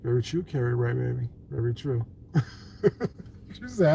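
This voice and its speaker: Male streamer, fairly high voice, blunt and dismissive, faint background hum. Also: expressive, normal speed, creaky, a little mellow. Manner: blunt and dismissive, calls viewers baby; laughs often, talks back to chat. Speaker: livestream host reading viewer comments. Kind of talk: casual livestream chat.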